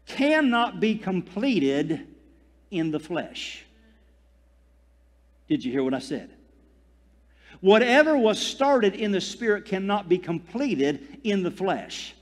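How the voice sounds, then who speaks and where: Pastor, male, high voice, fervent sermon in a church with long reverb. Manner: fervent preaching, dwells on phrases and calls for amen.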